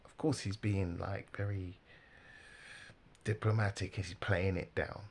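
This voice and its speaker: A man giving casual, animated religious commentary, laughing often and mimicking the people he talks about. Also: sits low, unhurried.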